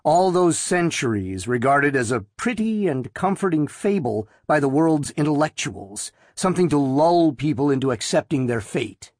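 A man narrating an audiobook in a measured, deliberate reading voice. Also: a little high, sing-song, a little mellow, no echo, studio quality.

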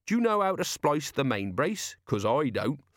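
A man's voice: mid-range voice, big pitch swings, normal speed, a bit bright, no echo, studio quality, pitched above the performer's own voice. A man voicing a sly, cheeky sea captain who drawls in working-class speech, for a storybook reading.

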